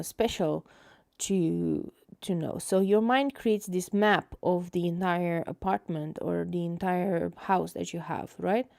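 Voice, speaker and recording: A woman's voice: on the low side, creaky, dark tone, no echo, clean studio sound. A young woman hosting an art livestream, telling a story in a chatty, rambling way with many fillers. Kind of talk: casual storytelling while painting.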